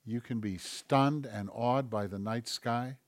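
Man, pastor, sermon, conversational, emphatic bursts, middle pitch, dry sound. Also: slow, dry recording. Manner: conversational preaching that builds to loud, emphatic questions. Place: church sanctuary.

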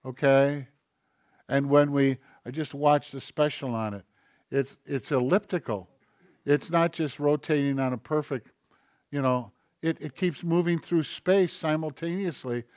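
A male pastor preaching a sermon in a conversational way, building up to loud, emphatic questions. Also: on the high side, measured pace, no room sound, clean studio sound. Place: church sanctuary.

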